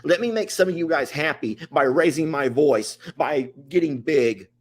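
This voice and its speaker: A man's voice: a little high, normal speed. A middle-aged man who hosts his own ranch channel, talking straight to camera in an emotional, upset rant, repeating himself for emphasis. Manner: impassioned, repetitive, Southern-style plain talk.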